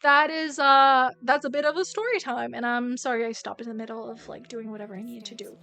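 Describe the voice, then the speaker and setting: A young woman streamer telling a story time in a casual, animated way, swearing often and restarting sentences. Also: fairly high pitch, brisk, creaky.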